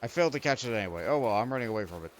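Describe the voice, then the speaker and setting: Young male streamer, springy animated delivery, rambling self-deprecating game commentary, light background hiss. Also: medium pitch, very fast. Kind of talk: let's play commentary.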